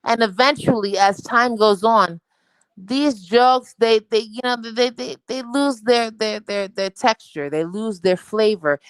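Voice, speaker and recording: A woman's voice: on the high side, measured pace, smooth, no room sound, rough recording. A young woman from New York with a New York accent, talking brashly and profanely in rambling casual livestream chat. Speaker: livestream guest.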